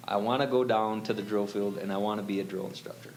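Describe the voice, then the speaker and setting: A man telling his own story in a relaxed, rambling way, full of fillers and quoted lines. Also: lowish voice, fast, a little hiss or hum, low-quality recording. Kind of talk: casual storytelling.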